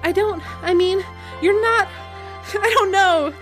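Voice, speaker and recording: A woman reading aloud from a novel as an embarrassed teenage girl, her voice a little higher than usual. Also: slow, a bit bright, soft background music, full character voice. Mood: plaintive.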